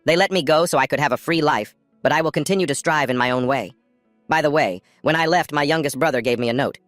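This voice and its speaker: A man's voice: fairly high pitch, fast, a bit bright, no echo, faint music behind, voice pushed up, natural voice. A man doing a carefree young swordswoman. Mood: calm.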